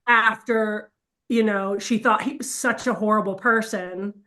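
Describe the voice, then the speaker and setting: A middle-aged woman in a casual family interview, telling an emotional, animated story. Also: mid-range voice, a little slow. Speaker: family member in a group interview. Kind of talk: casual chat.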